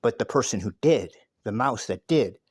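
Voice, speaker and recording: A man's voice: fairly low pitch, expressive, moderate pace, husky, no room sound, clean studio sound. A man giving a casual spoken monologue and telling a story, emphatic and profane, often repeating words as he goes.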